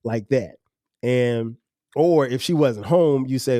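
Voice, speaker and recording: A man in his forties hosting a podcast, telling relaxed stories with slang, frequent laughs and "um" pauses. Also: medium pitch, no echo. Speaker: podcast host. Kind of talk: casual storytelling monologue.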